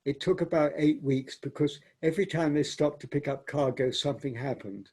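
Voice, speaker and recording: A man's voice: fairly high pitch, fairly quick, a little mellow, husky. An older man, a theatre director, reminiscing in an interview as a reflective storyteller who repeats and restarts words.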